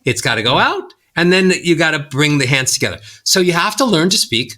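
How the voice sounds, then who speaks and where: A middle-aged man speaks as a voice coach in a podcast interview, his voice bright and ringing. He teaches by example, sliding his pitch up and down in wide, lively swoops. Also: fairly quick. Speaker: voice coach guest. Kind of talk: podcast interview, demonstrating tips.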